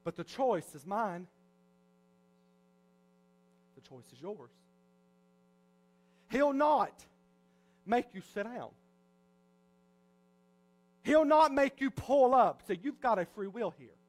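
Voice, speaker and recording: Man, pastor, very high voice, sermon, soft to loud swings. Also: animated, takes it slowly, long pauses.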